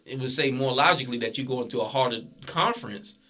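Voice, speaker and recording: Young male co-host, bright voice, steady, reasoned sports talk. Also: medium pitch, fast talker. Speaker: podcast co-host. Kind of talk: casual sports debate.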